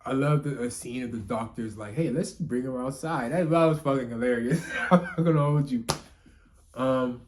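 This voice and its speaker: A young man giving a casual spoken manga review, rambling with lots of filler words and frequent swearing, and swinging from subdued to excited outbursts. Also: medium pitch, normal speed, slight background noise. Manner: emotional, rising to excited outbursts.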